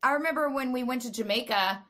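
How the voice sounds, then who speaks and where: A woman's voice: high-pitched, fast, a bit bright. A woman, podcast co-host, in casual chat, supportive and teasing, with some swearing.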